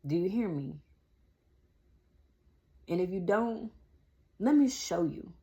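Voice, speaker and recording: A woman's voice: lowish voice, animated, takes it slowly, dark tone. A woman around forty, chatting casually to camera and calling her viewers y'all. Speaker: vlogger.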